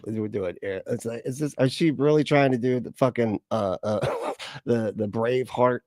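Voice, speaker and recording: A man's voice: medium pitch, normal speed, a little mellow, no echo, clean studio sound. A man hosting a livestream, reacting to a clip with sarcastic, rambling commentary, frequent laughter and casual swearing. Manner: rambling, with fillers and restarts.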